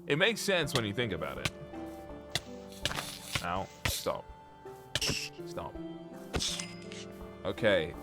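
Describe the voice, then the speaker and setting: A man's voice: lowish voice, wildly swooping pitch, slow, pauses often, over loud music. A young man live-streaming from home, chatting casually with his viewers, rambling and joking as he reads their comments.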